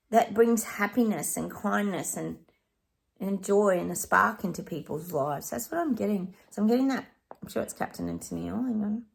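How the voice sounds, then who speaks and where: Gravelly woman, chatty psychic. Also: medium pitch, expressive, moderate pace. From Australia. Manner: chatty, addresses viewers as guys, sings snatches of songs. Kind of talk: casual direct-to-camera reading.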